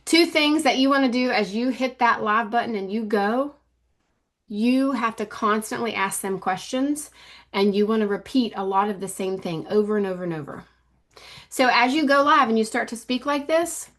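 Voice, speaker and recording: A woman in her fifties talks straight to her viewers in a brightly pitched voice, coaching them in a loose, chatty way. She hammers her points home, circling back to the same ideas again and again. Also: moderate pace. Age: 50s. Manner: emphatic, repeats key points over and over. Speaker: social media coach. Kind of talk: casual teaching talk to camera.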